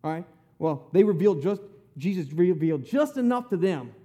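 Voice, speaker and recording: Guy preaching casual sermon, high voice that swings up and down a lot, folksy and punchy. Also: lively intonation, normal speed, mellow. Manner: folksy, emphatic, retells scripture in plain talk. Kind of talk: conversational sermon.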